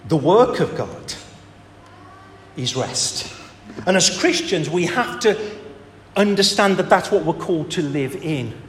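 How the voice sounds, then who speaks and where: A high-voiced man preaches with emphasis, leaning on rhetorical questions and drawn-out pauses. His voice rings through an echoey hall with a long reverb tail. Faint ambience sits behind him. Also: sing-song, a bit bright, slight background noise. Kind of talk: sermon.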